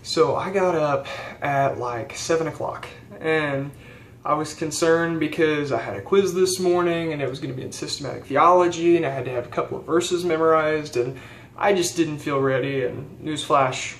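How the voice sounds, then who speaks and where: A man's voice: fairly high pitch, steady tone, normal speed. A young man and theology student telling a story in a casual vlog, earnest and rambling with fillers and restarts. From rural United States. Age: young adult. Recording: echoey room with faint background hiss.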